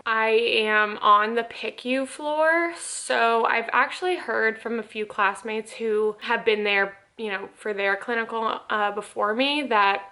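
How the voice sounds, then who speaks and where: A woman's voice: a little high, bright, forceful tone. A woman in her twenties, a nursing student, talking casually to camera in a chatty, upbeat vlog with lots of "like" fillers. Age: 20s.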